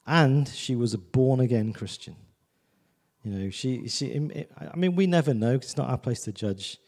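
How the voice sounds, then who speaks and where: Guy preaching in church, chatty and casual, warm mellow voice, keeps checking in with the crowd. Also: mid-range voice, expressive, normal speed, in a large hall. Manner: conversational, repeats "do you know what I mean". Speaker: visiting preacher. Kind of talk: sermon.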